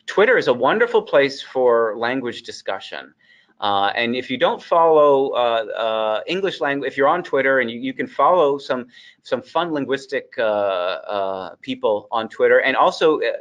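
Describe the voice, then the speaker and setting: A man from the Boston area giving a lecture on English usage to English teachers. He speaks American English with faint Boston traces, thinking aloud with many ums and uhs and slowing down on key terms. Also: medium pitch, fairly bright tone, highs cut off. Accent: General American, faint Boston traces. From Boston area, United States.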